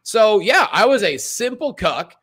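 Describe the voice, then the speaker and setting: A man's voice: high-pitched, sing-song, measured pace, bright, forceful tone, husky. A young man from Pennsylvania, a comedian telling a self-mocking story in a casual podcast chat.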